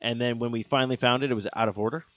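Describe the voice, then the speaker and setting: A young man co-hosting a casual comedy podcast, telling a story and acting out the other people's voices loudly. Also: medium pitch, rapid-fire. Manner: animated, acts out quoted voices loudly. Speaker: podcast co-host. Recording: dull dry lo-fi audio.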